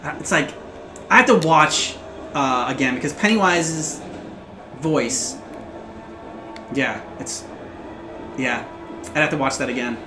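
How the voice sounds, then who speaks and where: A man's voice: fairly high pitch, slow, long pauses, over music. A man co-hosting a casual gaming livestream, chatty and rambling, laughing often. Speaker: livestream co-host. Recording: echoey room with faint noise.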